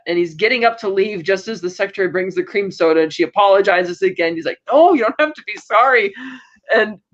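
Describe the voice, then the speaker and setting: A woman's voice: medium pitch, fairly bright tone, lo-fi sound. A woman co-hosting a podcast, recapping TV episodes in a loose, rambling way with plenty of fillers. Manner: rambling recap with many fillers and quoted bits. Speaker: podcast co-host. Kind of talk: casual TV recap chat.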